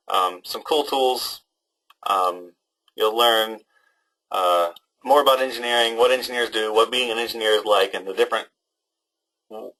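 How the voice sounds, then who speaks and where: A young man runs a webinar for students, reading their questions and answering in a loose, unscripted way. He hesitates often, filling gaps with ums and starting sentences over. His voice sits a little low and comes through a computer microphone. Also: pushed and bright, poor audio. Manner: hesitant, many ums and restarts. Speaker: online class instructor. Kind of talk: casual webinar talk to students.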